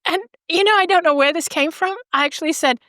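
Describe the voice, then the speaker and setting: A middle-aged woman guest on a podcast, telling her story in an animated, expressive way and laughing easily. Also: extremely high pitch, quick pace, no echo, studio quality. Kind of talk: storytelling in an interview.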